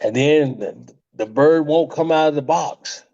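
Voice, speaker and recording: An older man, a retired wrestler, telling animated stories in an interview, with frequent laughs and restarts. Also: on the high side, measured pace, creaky. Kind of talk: storytelling interview. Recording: slightly muffled lo-fi audio.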